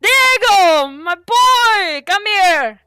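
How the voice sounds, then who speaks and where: A charming, teasing older father greets his guests with big hellos, put on by a woman. The voice is bright and lively in its melody. It is tabletop role-play voice acting. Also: a little high, moderate pace, no room sound, clean studio sound, faint music behind. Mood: hearty.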